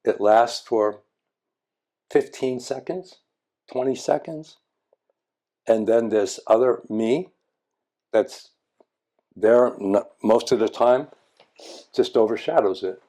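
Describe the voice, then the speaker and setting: A man's voice: mid-range voice, slow pace, long pauses, dark tone. Plain blunt woman student, quoted by an older man, no real voice change. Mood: calm. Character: angry woman student recalling road rage.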